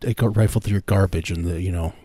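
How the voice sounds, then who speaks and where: A man's voice: deep voice, fairly even intonation, quick pace, dark tone, breathy edge, no echo. A man co-hosting a casual comedy podcast, dry and sarcastic, talking with many fillers. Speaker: podcast co-host.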